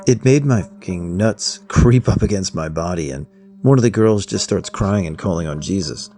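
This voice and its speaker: A low-voiced man with a gravelly, creaky edge tells a first-person horror story. His tone is dark and mellow, and his delivery is blunt, casual and full of swearing, with faint music underneath. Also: lively intonation, normal speed. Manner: blunt, profane, conversational telling.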